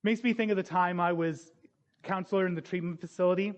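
A man's voice: high-pitched, fairly even intonation, fast, muffled recording. A man preaching a sermon as pastor, earnest and building to emphatic questions.

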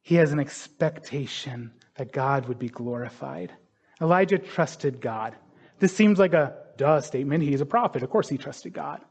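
A man's voice: on the high side, moderate pace, creaky, few pauses, darkish tone, slightly rough. A man preaching a sermon in an easy, conversational way, acting out the voices in the stories he tells. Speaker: pastor. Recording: dull lo-fi sound.

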